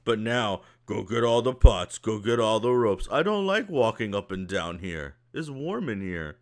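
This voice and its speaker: A man voicing a big, slow, grumpy male ogre who talks in simple broken sentences. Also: on the low side, very animated. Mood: grumbling. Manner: simple broken speech, sulky.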